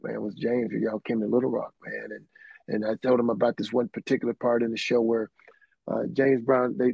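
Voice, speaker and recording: A man's voice: medium pitch, vocal fry, warm tone, husky, no echo, muffled recording. A middle-aged man, a keyboardist guest telling rambling anecdotes full of restarts and "man". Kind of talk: casual storytelling.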